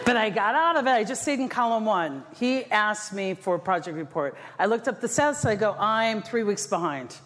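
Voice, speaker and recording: A middle-aged woman addresses a live audience as a motivational speaker. She tells her stories with animated, self-mocking drama, at an even middle pitch. Her voice rings through a large echoey hall over a faint background hiss. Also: brisk, few pauses. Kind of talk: keynote storytelling talk to a live audience.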